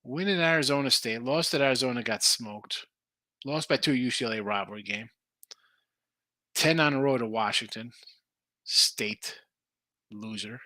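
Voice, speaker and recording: A man hosting a sports betting show, chatting casually and thinking aloud over lines and viewer picks with an animated, rambling delivery. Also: mid-range voice, normal speed, long pauses, no room sound. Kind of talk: casual live-stream chat reading viewer picks.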